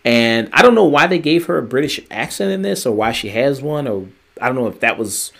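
Guy hosting a podcast, rambling and excited, cussing, medium pitch. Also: brisk, vocal fry. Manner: rambling, excitable, swears casually. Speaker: podcast co-host. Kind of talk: casual chat review.

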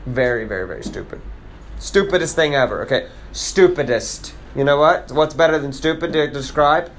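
A man's voice: medium pitch, normal speed, fairly bright tone. A man in playful casual chat, teasing and repeating words for emphasis, breaking into snatches of song.

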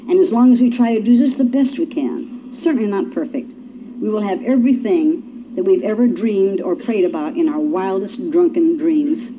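A woman speaks at a recovery meeting in a folksy, storytelling manner, acting out each quote as she goes. Her pitch sits in a middling range. The recording is dull and lo-fi, with faint noise underneath. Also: lively intonation, moderate pace. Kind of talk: personal testimony talk.

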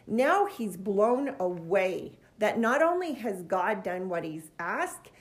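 A middle-aged woman giving a heartfelt, casual scripture lesson with earnest emotion. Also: medium pitch. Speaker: scripture study teacher.

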